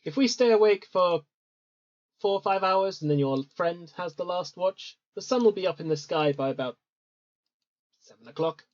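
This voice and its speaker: A game master voicing a male dragonborn desert guide who talks in a plain, practical, unhurried way, on a dull lo-fi recording. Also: mid-range voice, natural voice. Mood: thoughtful.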